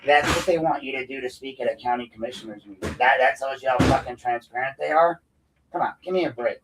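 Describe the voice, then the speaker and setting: A man's voice: mid-range voice, fast, recorded from a distance, noisy background. Profane, combative man ranting off-mic. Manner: profane, combative, gets loud and heated. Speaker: podcast host. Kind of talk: unscripted ranting monologue.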